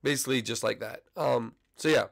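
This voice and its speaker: Young man with a gravelly, strained voice. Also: medium pitch, fairly quick. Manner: rambling, self-deprecating. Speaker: channel host. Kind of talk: casual behind-the-scenes commentary.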